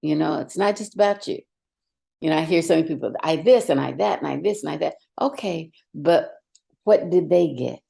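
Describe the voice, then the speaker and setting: A middle-aged woman, a longtime educator, telling animated stories in a direct, emphatic way as a podcast guest. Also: deep voice, normal speed, vocal fry. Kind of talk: storytelling in conversation.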